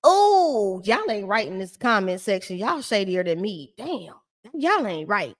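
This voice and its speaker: A woman hosting a live-stream recap of a reality show, talking in a sassy, shady, animated ranting way. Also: mid-range voice, unhurried. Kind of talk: casual live-stream commentary.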